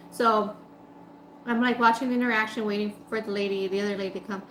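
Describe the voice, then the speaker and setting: A woman's voice: fairly high pitch, fairly quick, echoey room, slight background noise, rough recording. A woman food vlogger chatting casually and telling a story while she eats. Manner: chatty, animated retelling with quoted voices.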